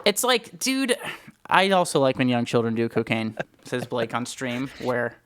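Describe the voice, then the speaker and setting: A man's voice: medium pitch, normal speed, clear, resonant tone, dry recording. A young man co-hosting a movie talk stream, chatty and opinionated, laughing often as he talks. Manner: chatty, opinionated, laughs often, self-described film snob. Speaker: podcast co-host. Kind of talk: casual movie chat.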